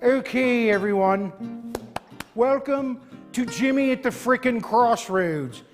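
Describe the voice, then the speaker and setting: Doctor Evil: a smug, slow supervillain. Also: male voice, extremely high pitch, long reverb tail, over music.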